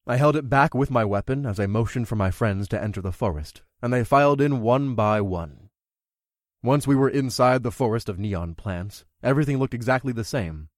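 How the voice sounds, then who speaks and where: A man's voice: mid-range voice, expressive, moderate pace, no room sound, studio quality. A man narrating a first-person fantasy audiobook in a wry, conversational way.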